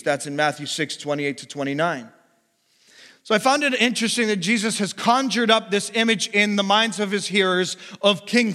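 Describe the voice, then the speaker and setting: A man preaching a sermon as pastor, telling stories and acting out the voices in them. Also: fairly bright tone. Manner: storytelling, acts out quoted voices with big pitch jumps. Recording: long hall reverb.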